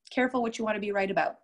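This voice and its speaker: A middle-aged woman leading a group coaching call, lively and acting out the voices she quotes. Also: medium pitch. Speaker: business coach.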